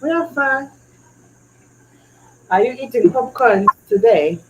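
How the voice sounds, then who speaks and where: A woman host with a fairly high voice chats in a friendly, easygoing way. Heavy noise sits loudly behind her voice. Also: lively intonation, takes it slowly. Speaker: show host. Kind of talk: casual chat. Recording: loud background noise.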